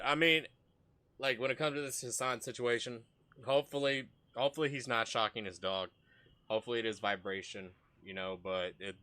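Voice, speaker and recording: A man's voice: sits low, pushed and bright. A man streaming casual commentary, rambling and profane with many restarts.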